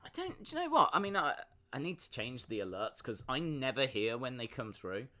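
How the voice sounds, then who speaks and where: Man, live stream host, rambling jokey chat, bright voice. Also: mid-range voice, big pitch swings, a little fast. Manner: chatty, jokey, rambling asides. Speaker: watch-along stream host.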